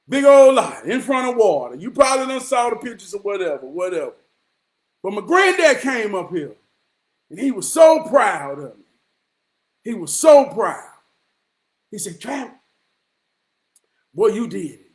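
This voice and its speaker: A man in his forties giving an impassioned, profane motivational monologue, dropping to hushed murmurs and then rising to shouts. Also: high voice, big pitch swings, moderate pace, pauses often. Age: 40s. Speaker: motivational vlogger.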